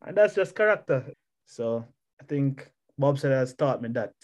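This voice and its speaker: A man's voice: mid-range voice, normal speed. A young man, chatting as an interview guest and laughing often as he tells stories. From Jamaica. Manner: laughs often, easygoing, animated storytelling. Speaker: bobsled athlete guest. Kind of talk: casual interview chat.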